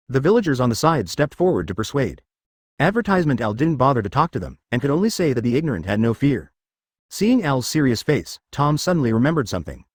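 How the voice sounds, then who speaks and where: A man reading a fan fiction story aloud in an even, flat cadence. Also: mid-range voice, fast talker, dry recording, clean studio sound. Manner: reads page artifacts and sound words flatly, even cadence. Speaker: narrator.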